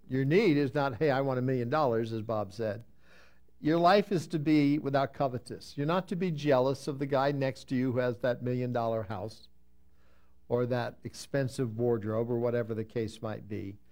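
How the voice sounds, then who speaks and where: A man delivers a sermon, leaning hard on each scripture verse before easing into plain, conversational explanation. His voice sits at an ordinary pitch, and he sometimes breaks off to answer people in the pews. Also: a little mellow. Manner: reads scripture slowly with emphasis, then explains conversationally. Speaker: pastor. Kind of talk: sermon, Bible teaching.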